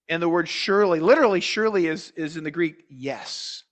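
A man preaching a sermon as pastor, speaking in a measured way with frequent restarts, repeated words and rhetorical questions to the congregation. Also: fairly high pitch.

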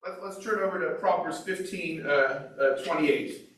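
A man's voice: fairly high pitch, normal speed, a bit bright. A man leading an informal Bible class, talking conversationally and asking the group questions. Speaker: Bible study teacher. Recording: echoey room, mic far away.

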